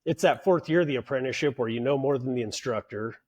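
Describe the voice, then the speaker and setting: A man guesting on a podcast, telling work stories in a casual, animated way, acting out the people he quotes and swearing freely. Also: medium pitch, fast talker, husky. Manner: animated storyteller who acts out quoted bosses, swears freely. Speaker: podcast guest, union leader. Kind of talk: casual interview storytelling.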